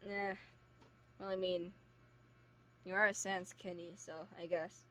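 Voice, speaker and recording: A woman's voice: fairly low pitch, little pitch movement, a little slow, a bit bright, rough recording. Chatty young woman streamer. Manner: chatty, full of "like" and restarts. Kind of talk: casual game commentary and reading dialogue aloud. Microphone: low-quality mic.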